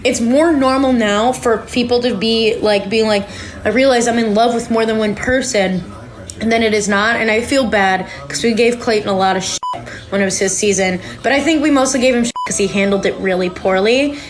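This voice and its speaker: Recapping a reality show for her podcast, this woman speaks briskly at a fairly high pitch. Her style is casual and chatty, full of fillers, frequent "like"s, and spoken reactions to what she's watching.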